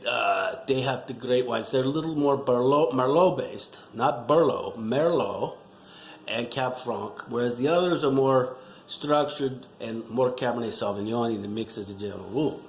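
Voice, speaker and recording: A middle-aged man in a rambling, self-mocking comic rant, joking loosely as he talks about wine. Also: mid-range voice. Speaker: wine vlogger. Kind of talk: casual comedic rant. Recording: echoey room.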